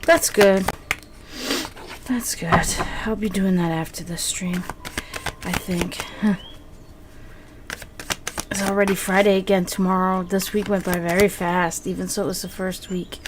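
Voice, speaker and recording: Female streamer, casual rambling chat to viewers, filler-heavy, average pitch, faint background noise. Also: level tone, measured pace, long pauses. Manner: rambling, many fillers and restarts.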